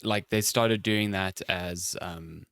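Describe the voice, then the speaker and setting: Joking podcast man, low dry voice. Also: steady tone, takes it slowly, creaky, a bit bright, clear, resonant tone, no echo. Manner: joking, rambling, acts out what his cats think. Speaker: podcast co-host. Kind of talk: casual chat.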